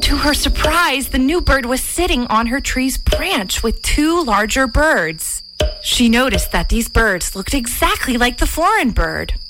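A woman narrating a children's storybook in an expressive, sing-song way. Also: high-pitched, a little slow, poor audio. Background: soft music.

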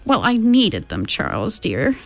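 A woman voicing an eccentric, cheerful old woman tramp with a creaky voice like an unoiled gate, drawn out and fond. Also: mid-range voice, huge pitch swings, no echo, faint music behind, voice pushed up, heavily acted. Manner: fond, chattering, slow and drawn out.

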